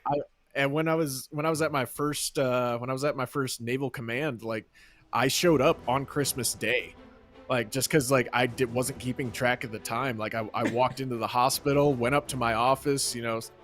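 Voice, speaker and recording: A man's voice: mid-range voice, fairly even intonation, moderate pace, fairly bright tone, faint music behind. A young adult man rambling through a story in casual chat, with lots of fillers and laughs. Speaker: podcast co-host.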